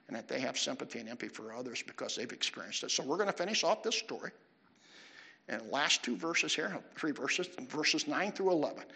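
A man preaching a sermon with animated delivery, putting questions to his listeners. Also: on the high side, creaky, breathy edge. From United States. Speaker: pastor.

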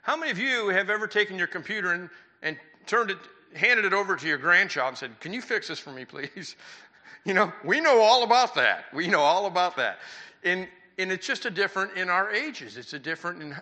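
A man's voice: sits high, lively intonation, brisk, sharp tone. An older man in his sixties preaching a sermon in church, folksy and conversational, with rhetorical questions to the congregation. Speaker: pastor.

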